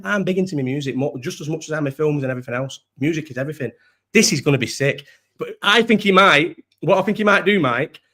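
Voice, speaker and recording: A man's voice: mid-range voice, a bit bright. A young man with a Scouse accent hosting a casual live-stream chat, rambling, swearing freely and restarting his sentences.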